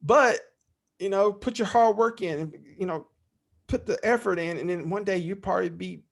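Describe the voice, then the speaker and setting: A man's voice: high-pitched, normal speed, creaky, fairly bright tone. A man guesting on a podcast, chatting casually in a loose, rambling way and cussing freely. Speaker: guest, interview podcast host. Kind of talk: casual storytelling chat.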